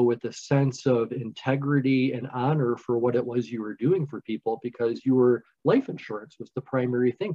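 A man's voice: medium pitch, mellow, breathy edge. A man hosting a podcast interview, asking long, rambling questions with restarts. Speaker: podcast host. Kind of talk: casual interview chat. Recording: dull lo-fi sound.

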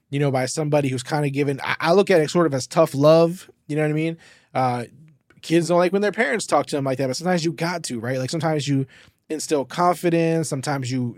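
Guy hosting a sports show, kinda high voice, rambles w lots of "you know", dry close sound. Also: no room sound. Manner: rambling, many fillers, emphatic bursts. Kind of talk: casual sports commentary.

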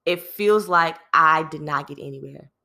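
A woman tells a work story in a relaxed vlog, calling her listeners "y'all" and filling the gaps with "you know." Her voice sits low and bright with a crisp edge. She circles back over her own phrases as she goes. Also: moderate pace. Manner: animated, addresses listeners as "you all" and "y'all"; frequent fillers and repeated phrases. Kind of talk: casual storytelling to viewers.

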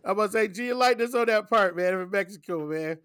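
Laid-back podcast host dude, fairly high voice, dry close mic, laughs a lot. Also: male voice, quick pace, fairly bright tone, smooth, no room sound. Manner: laughs often, easygoing slang. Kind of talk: casual chat.

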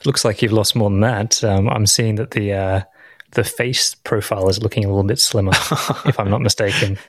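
A man's voice: lowish voice, fairly even intonation, fairly quick, no echo, studio quality. A man in his late thirties co-hosting a podcast, chatting casually and rambling with many fillers and laughs. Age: 30s. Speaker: podcast co-host. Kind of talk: casual chat.

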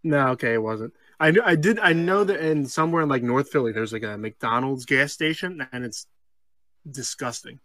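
A man co-hosting a comedy podcast, reading a strange story aloud, breaking off for deadpan asides and laughing mid-sentence. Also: medium pitch, moderate pace, no room sound. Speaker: podcast co-host.

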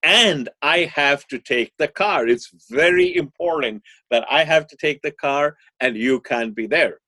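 A man's voice: medium pitch, measured pace, pushed and bright, no echo, pitched above the performer's own voice. A man voicing an eager sixteen-year-old boy who begs to borrow the car, in a story told during a chat. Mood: pleading. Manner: pushy, insistent.

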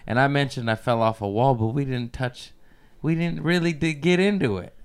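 A man with an average pitch hosts a relaxed podcast chat. He tells a story at length, swearing often as he goes. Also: normal speed. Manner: animated, profane anecdote-telling. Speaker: podcast host.

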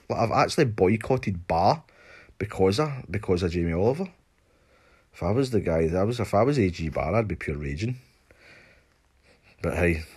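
A man's voice: low-pitched, husky. A Scottish man ranting in a casual monologue, sweary and sarcastic, mocking people with put-on voices.

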